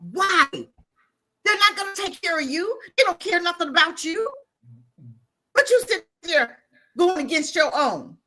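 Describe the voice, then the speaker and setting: A woman's voice: extremely high pitch, bright, forceful tone. A woman giving blunt, impassioned commentary as a guest on a podcast.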